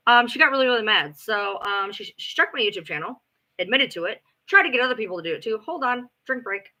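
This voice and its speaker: A woman hosts a livestream and tells her story bluntly, with sarcasm and plenty of swearing. Her pitch rises and falls a lot, and her voice is very bright and sharp. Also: lively intonation, quick pace, low-quality recording. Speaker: livestream host. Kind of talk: ranting livestream chat.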